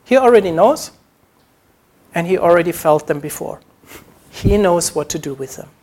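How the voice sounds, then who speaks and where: A man's voice: high voice, expressive, moderate pace, darkish tone. A man preaching a sermon, earnest, acting out short quoted prayers as he teaches.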